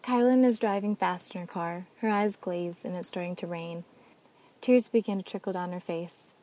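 Mellow-voiced woman narrating a drama. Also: on the low side, normal speed, low-quality recording. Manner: reads all parts herself. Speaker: narrator and sole reader. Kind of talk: reading an amateur audio drama.

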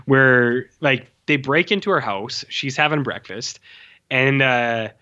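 A man talks through a film in loose, casual chat, full of fillers and quick impressions of the characters. His voice is bright and forward. The recording is slightly dull and lo-fi. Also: medium pitch. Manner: rambling, many fillers, animated quoting of characters.

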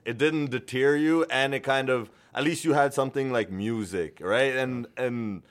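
A man co-hosting a podcast, relaxed and encouraging, cursing casually in conversation. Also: medium pitch, normal speed. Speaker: podcast co-host. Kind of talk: casual chat.

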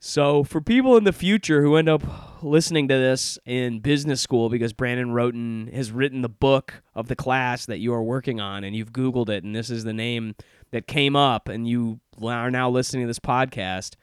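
A man's voice: mid-range voice, normal speed, smooth, no room sound. Young male podcast host: chatty, self-mocking, sardonic; clean resonant voice, recorded close and dry. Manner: rambling, self-deprecating and sardonic. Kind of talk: casual podcast intro monologue. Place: office in Chicago.

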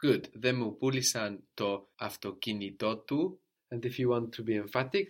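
A man's voice: mid-range voice, normal speed. A man teaching a language lesson, patiently prompting questions and repeating the learner's answers.

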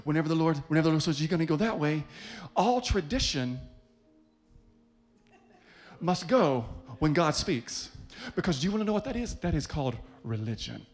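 A man preaching a sermon to a congregation, leading them by name and building to loud, rhythmic climaxes. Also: on the high side, sing-song, normal speed, soft background music. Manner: leads the congregation, calling people up by name.

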